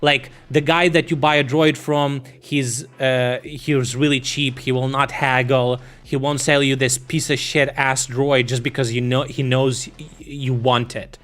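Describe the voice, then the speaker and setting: A man's voice: medium pitch, level tone, unhurried, hardly any pauses, fairly bright tone. Guy streaming and rambling, swears a ton, mid-range voice, lots of ums. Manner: profane, meandering, full of fillers and restarts. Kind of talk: rambling casual stream chat.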